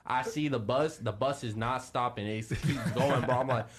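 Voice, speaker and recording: A man's voice: mid-range voice, moderate pace, breathy edge. A young man co-hosting a casual podcast, telling a story in heavy slang and acting out the voices. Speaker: podcast co-host.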